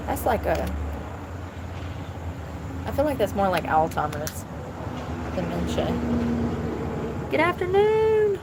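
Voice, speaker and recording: A woman's voice: on the low side, animated, unhurried, long pauses, very noisy. A woman chatting casually on a live stream outdoors, blunt and thinking aloud as she talks. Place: outdoors near traffic.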